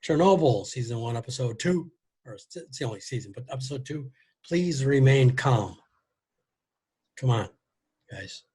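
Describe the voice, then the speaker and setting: A man's voice: medium pitch, animated, brisk, dark tone, breathy edge. An American man hosting a casual podcast chat, introducing an episode and its cast. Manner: introduces episode details, reads a poem aloud. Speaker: podcast host.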